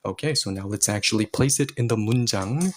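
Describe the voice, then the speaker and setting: Husky man patiently teaching grammar. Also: fairly low pitch, fast. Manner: patient, playful, explains step by step. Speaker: Korean language teacher. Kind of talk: explaining grammar in a lesson.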